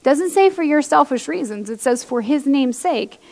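A woman's voice: high voice, animated, moderate pace, gravelly, a little mellow, in a large hall. A woman preacher giving an impassioned sermon, reading scripture aloud and speaking straight to her congregation in a church.

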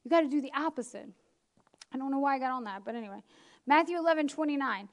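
A woman preacher giving a lively, chatty sermon with self-deprecating asides. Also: high voice, quick pace. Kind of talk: conversational sermon.

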